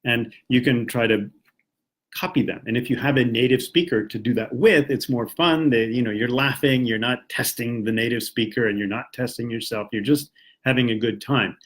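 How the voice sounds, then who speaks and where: A man's voice: mid-range voice, steady tone, normal speed, fairly bright tone, husky. A man from the United States teaching English on a casual live stream, encouraging viewers and reading their comments as he goes. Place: home, Japan.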